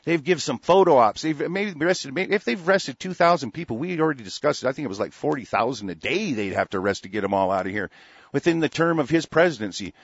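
A man's voice: mid-range voice, expressive, fast talker, husky, dry recording, muffled recording. A man in an angry, profane political rant, heated and repetitive.

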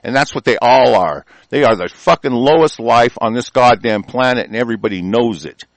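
A man from the United States delivering an angry, profane political rant, swinging from loud outbursts to low muttering. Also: fairly quick, dry recording, low-quality recording.

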